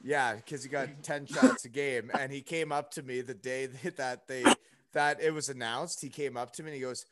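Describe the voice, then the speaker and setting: A man's voice: medium pitch, fairly even intonation, moderate pace, dry recording. A young man telling a story in casual chat, rambling with lots of fillers and asides. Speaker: podcast guest.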